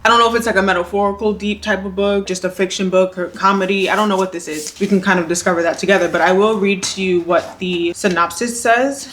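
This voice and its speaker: A woman's voice: medium pitch, steady tone, quick pace, hardly any pauses, a bit bright. A woman book vlogger talking casually and chatting on, gushing about what she reads with lots of fillers. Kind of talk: casual reading vlog chat.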